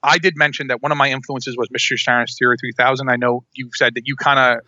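A man co-hosting a podcast in casual chat, talking in a rambling, animated way and often breaking off and restarting. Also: medium pitch, quick pace, no echo, dull audio. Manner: rambling, animated, self-interrupting. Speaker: podcast co-host.

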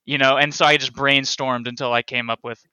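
Male podcast guest, bright and crisp, dry close sound, self-deprecating. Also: mid-range voice, fairly quick, dry recording, dull audio. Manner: self-deprecating, animated storytelling. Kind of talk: casual chat.

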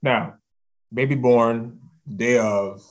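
A man's voice: medium pitch, steady tone, slow. A man hosting a podcast, asking casual, curious questions and often restarting mid-sentence. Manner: curious, loose phrasing, restarts his questions. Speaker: podcast host.

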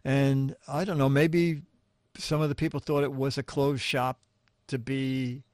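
A man's voice: medium pitch, a little slow, no room sound, studio quality. An older man, a humor writer being interviewed, telling stories and acting out the people in them. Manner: animated, acts out the people in his stories. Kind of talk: anecdotal storytelling in conversation.

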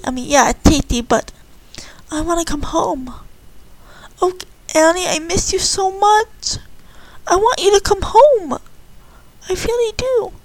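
A woman voicing a homesick, gentle young girl who speaks with soft, wistful pleading. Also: very high voice, no room sound, pitched above the performer's own voice, rough recording.

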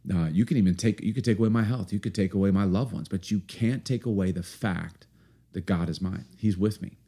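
Deep-voiced earnest male pastor. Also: dark tone, breathy edge. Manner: earnest, unhurried, many fillers and restarts. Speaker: pastor and podcast co-host. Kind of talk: casual podcast talk and scripture reading.

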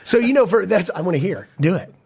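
A middle-aged man, a podcast guest, telling stories in a casual, animated way and acting out the other voices. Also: sits high, fast, creaky, breathy edge. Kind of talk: casual storytelling.

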